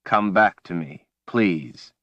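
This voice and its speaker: A man's voice: sits low, takes it slowly, dry recording, lo-fi sound. A man voicing a desperate young man pleading with a friend in an audiobook, with an urgent, earnest delivery. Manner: urgent, pleading, then calm and steady. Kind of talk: audiobook character reading.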